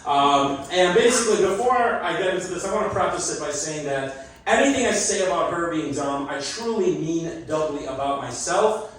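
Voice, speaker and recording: On a comedy club stage, a man does a chatty, self-deprecating stand-up set, often laughing at his own jokes. His voice is on the high side and fairly bright, heard from a distance with roomy echo, while the audience laughs and calls back.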